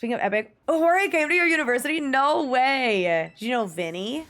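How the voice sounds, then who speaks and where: A woman's voice: high voice, animated, normal speed, fairly bright tone. A woman streaming live, chatting casually with viewers and gushing emphatically, with the odd swear. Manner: gushing, emphatic, swears, reads chat aloud. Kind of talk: casual livestream chat.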